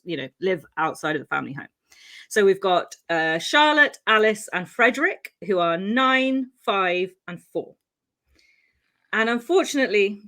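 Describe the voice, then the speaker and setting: A woman's voice: medium pitch, fairly bright tone. A woman from Wales tells a true-crime case on a podcast, chatty and loose, dropping ums and laughing easily. Her voice sits in a medium register. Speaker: podcast co-host telling the case. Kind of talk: casual true-crime storytelling.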